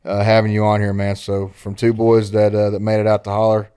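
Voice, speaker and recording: A man's voice: lowish voice, monotone, a little fast, dark tone. A man with an Eastern Kentucky accent hosting a podcast, chatting casually and telling rambling, folksy stories. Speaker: podcast host. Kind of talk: casual interview chat.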